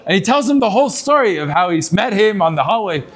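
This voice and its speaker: A man, a rabbi, giving a sermon to students. He tells a story in an animated way and mixes in Hebrew terms. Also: high voice, fast talker.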